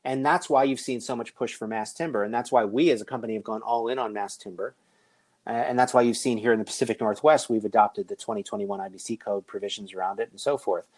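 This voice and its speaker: A man's voice: fairly low pitch, fast talker. A middle-aged man giving a conference keynote, conversational with joking asides. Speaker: conference speaker. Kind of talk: keynote presentation.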